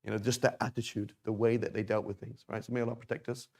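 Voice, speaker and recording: A man's voice: medium pitch, level tone, fast, a little mellow. A man teaching an informal Arabic class, talking conversationally and tossing rhetorical questions at his students.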